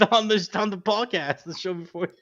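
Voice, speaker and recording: A man hosting a podcast, telling stories in casual chat, animated and swearing freely. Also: sits high, moderate pace. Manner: animated storyteller, swears freely, says dude a lot. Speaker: podcast host. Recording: dull lo-fi sound.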